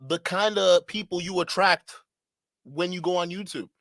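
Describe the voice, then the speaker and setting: A man's voice: high voice, moderate pace, a bit bright, no echo. A man hosting a reaction stream, talking casually and with exasperation, often stammering and restarting. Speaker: commentary channel host. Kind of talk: reaction commentary.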